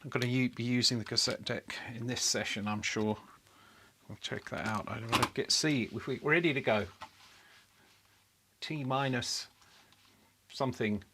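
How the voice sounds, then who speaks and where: A man talking half to himself at an electronics workbench, mid-pitched and unhurried. He mutters as he checks parts and searches for things, with a wry, self-deprecating edge. It sounds like a live build stream with thinking aloud. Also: fairly even intonation, sharp tone, slight background noise. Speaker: electronics hobbyist host.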